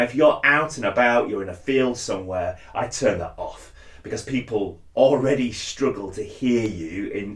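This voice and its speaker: Low-voiced man in a roomy space. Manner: friendly, self-effacing, with frequent "uh" fillers and restarts. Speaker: cosplay tutorial host. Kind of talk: casual tutorial talk. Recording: roomy echo.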